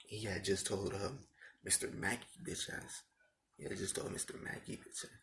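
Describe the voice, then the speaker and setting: A man's voice: sits low, fairly even intonation, moderate pace, vocal fry, fairly bright tone, a little hiss or hum. A young man telling a rambling, profane story about his school days in casual talk, repeating himself often.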